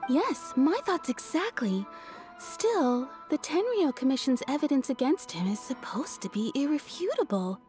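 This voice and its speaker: A woman's voice: high voice, big pitch swings, a little slow, darkish tone. A woman voicing a cheerful townswoman in a video game, telling a story in a chatty, amused way. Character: cheerful townswoman, kimono maker, amused and frank. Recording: game dialogue over music.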